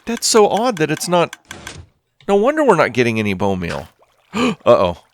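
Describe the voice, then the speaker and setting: A man's voice: a little high, huge pitch swings, normal speed. A man giving casual, rambling commentary over his own game, thinking aloud as he plays. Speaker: Minecraft let's play host.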